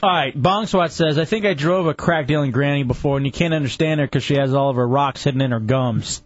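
A man's voice: a little high, a little fast, dry recording, highs cut off. A man hosting a call-in radio show, teasing his co-host and laughing often. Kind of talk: bantering call-in talk.

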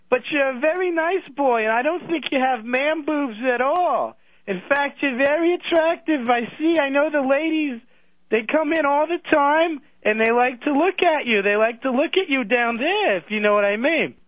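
A very high, quavering old man rambles on about how nice someone is. His voice comes through a dry, tinny phone line. He talks slowly and drifts off topic. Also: no echo. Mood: rambling. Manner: slow, rambling, cries out in pain. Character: doddering old male phone caller, fawning.

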